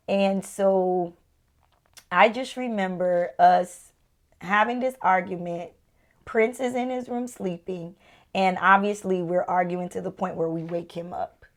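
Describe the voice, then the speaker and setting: A woman in her thirties shares a painful chapter of her marriage on a podcast she co-hosts. She talks candidly and emotionally. At the tender moments her voice falls almost to a whisper. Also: mid-range voice. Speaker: podcast co-host. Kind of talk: candid personal storytelling.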